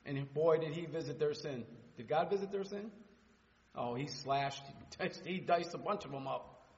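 High-voiced man preaching in a reverberant hall. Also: normal speed, fairly bright tone, muffled recording. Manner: rambling, repeats words and restarts mid-phrase; reads scripture aloud in a raised, declaiming voice. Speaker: Bible study teacher. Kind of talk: informal sermon with personal stories and scripture reading.

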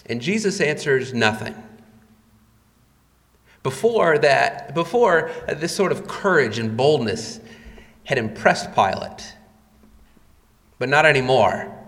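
A man's voice: medium pitch, expressive, takes it slowly, long pauses, a bit bright. A man preaching a sermon, retelling scenes dramatically and rising in volume for quoted cries. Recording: long reverb of a hall.

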